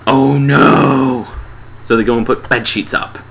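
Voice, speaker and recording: A man's voice: medium pitch, level tone, fast, pushed and bright. A sarcastic young man giving a casual, mocking movie review.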